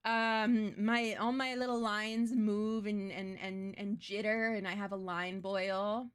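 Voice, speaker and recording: A woman's voice: mid-range voice, little pitch movement, slow, smooth. A young adult woman streaming as a VTuber, chatting casually in a crude, blunt, self-mocking way. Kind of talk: casual live-stream chat.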